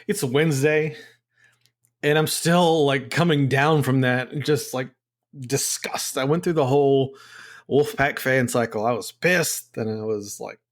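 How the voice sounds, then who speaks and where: A man co-hosting a sports podcast, talking casually. His voice sits at an ordinary middle pitch, and he vents his frustration in a rambling way, full of restarts. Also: steady tone, measured pace. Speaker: podcast co-host.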